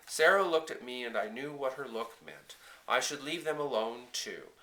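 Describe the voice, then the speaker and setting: Male audiobook narrator, bright tone, gentle measured first-person storybook reading, soft phrase endings. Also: medium pitch. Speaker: audiobook reader.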